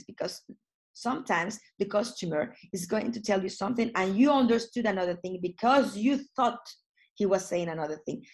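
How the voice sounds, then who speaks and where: Woman trainer, mid-pitched, patient explainer, online lesson. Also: vocal fry. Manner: explaining with repetition and restarts. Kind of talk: webinar lesson.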